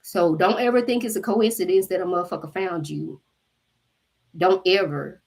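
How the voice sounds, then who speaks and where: A woman hosting a spiritual channel, telling a story to her viewers in an animated, profane way and acting out the voices of the people in it. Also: on the low side, normal speed, gravelly. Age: adult mother. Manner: animated, profane, acts out quotes.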